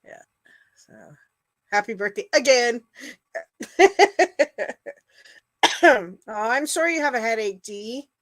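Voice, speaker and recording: A woman's voice: on the high side, expressive, moderate pace, long pauses, a bit bright, no echo. Middle-aged woman, rambling stream host, lots of fillers, dry close recording. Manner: chatty, rambling, full of fillers; greets and thanks chat viewers by name. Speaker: livestream host. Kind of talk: casual chat with live viewers.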